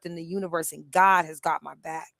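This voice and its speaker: A middle-aged woman hosting a live stream, telling a story in an animated, emphatic way with many restarts. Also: deep voice, a little fast, gravelly. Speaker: host.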